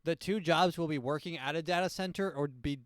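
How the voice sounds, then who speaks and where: A man's voice: fairly high pitch, fairly quick, dry recording, clean studio sound. A young man hosting a comedy podcast, telling a rambling, sardonic story full of restarts and filler words. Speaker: podcast host.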